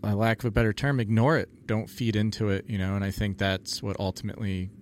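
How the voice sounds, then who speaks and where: A man's voice: lowish voice, little pitch movement, a little fast, slight background noise. A man, a paranormal TV investigator, telling stories in a rambling casual chat full of "like" and "you know".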